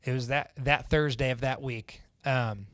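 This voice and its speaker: Speaking unhurriedly in a mid-range, slightly bright voice with fairly even intonation, a young Central Indiana man shares a personal story as a podcast guest. He's casual and profane, performing the quoted lines himself. The recording is dry and studio quality.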